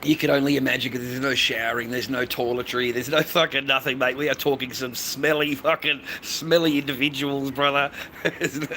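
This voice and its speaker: A man's voice: medium pitch, flat delivery, brisk, bright, forceful tone, slight background noise. An Australian man hosting a livestream, ranting crudely and profanely and calling everyone mate. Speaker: livestream host. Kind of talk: rambling livestream rant.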